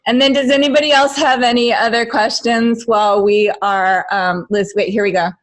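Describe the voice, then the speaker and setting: A woman's voice: on the high side, steady tone, normal speed. An American woman, a dialect coach, hosting a casual webinar over a video call in a chatty, upbeat way. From United States.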